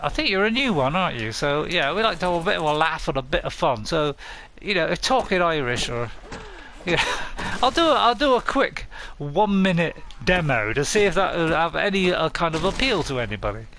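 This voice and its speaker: A man's voice: a little high, sing-song, fairly quick, sharp tone, a little hiss or hum. A man chatting casually on a live game stream, playful and rambling, laughing often.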